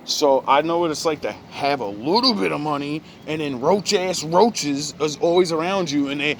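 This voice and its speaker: A man speaks in a loose, rambling monologue, his voice sitting slightly high. He talks in profane street slang, with faint background noise behind him. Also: moderate pace, hardly any pauses. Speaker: vlogger. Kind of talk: casual reflective monologue.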